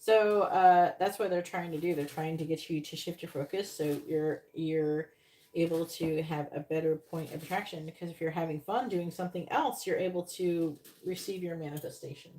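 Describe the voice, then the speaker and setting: A woman's voice: low-pitched, normal speed, warm tone, slight background noise. A woman in her forties giving a casual live-stream tarot reading, rambling and chatty, swearing freely as she talks. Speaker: psychic tarot reader.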